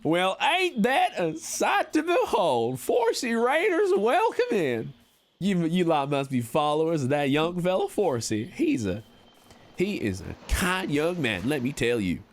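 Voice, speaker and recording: A man voicing a smooth-talking male cowboy conman with a put-on Old West drawl, folksy and theatrical. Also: on the high side, sing-song, a little slow, voice pushed up. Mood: welcoming. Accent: American Old West drawl, put on. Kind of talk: in-character game streaming.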